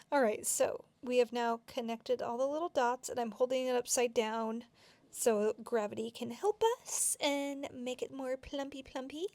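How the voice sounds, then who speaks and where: Chatty young woman with gravelly fry. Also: on the high side, steady tone, unhurried, a little mellow, no room sound. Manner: chatty, giggly, rambling with many fillers. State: a bit out of breath. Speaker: nail tutorial creator. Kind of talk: casual tutorial chat.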